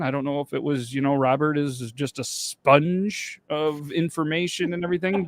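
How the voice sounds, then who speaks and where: A man from the United States co-hosting a podcast, telling rambling stories in casual chat. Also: fairly high pitch. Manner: storytelling, rambling. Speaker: podcast co-host.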